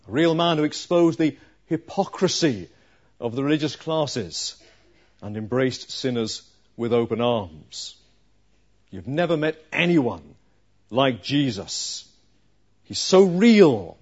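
A man preaching a sermon, slow and emphatic, with dramatic pauses. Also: medium pitch, darkish tone, muffled recording.

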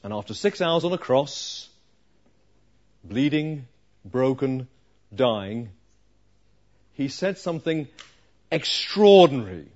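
Slow, emphatic preacher. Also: male voice, mid-range voice, sing-song, a little mellow, highs cut off. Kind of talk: sermon.

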